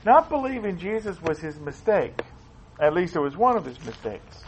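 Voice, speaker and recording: A man's voice: fairly high pitch, big pitch swings, moderate pace, slight background noise, rough recording. A man preaching a sermon in an earnest way, often repeating himself and reading scripture aloud.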